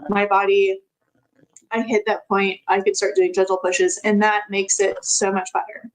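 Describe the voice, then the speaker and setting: A woman's voice: medium pitch, level tone, moderate pace, rough recording. A woman telling a personal story as a podcast guest, in a chatty way with frequent laughs and many filler words.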